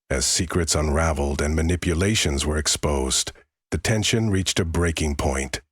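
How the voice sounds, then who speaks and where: A man's voice: low-pitched, slightly rough, no echo, studio quality. A man giving grave, dramatic scripted true-crime narration.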